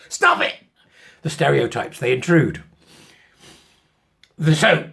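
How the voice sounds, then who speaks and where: A man with a fairly high voice delivers sarcastic commentary straight to his viewers. His pitch jumps up and down a lot. He mocks as he goes and keeps breaking off for asides. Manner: sarcastic, mocking, with repeated asides. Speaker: channel host. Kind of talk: casual commentary.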